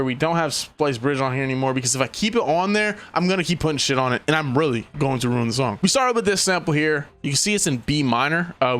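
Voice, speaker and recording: A man's voice: a little high, a bit bright. Slangy young man explaining beat-making. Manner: slangy, swears freely, laughs at himself. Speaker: music producer. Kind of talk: casual beat-making tutorial. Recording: faint beat playing behind.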